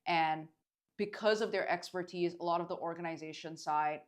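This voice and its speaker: A woman's voice: on the low side, normal speed. A woman guest, a dance event organizer, talking earnestly in a casual interview and using many filler words.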